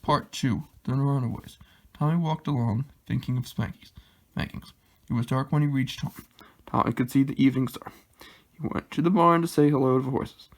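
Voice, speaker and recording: A man reading a children's storybook aloud in a plain, unhurried manner, halting now and then. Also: medium pitch. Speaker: reader.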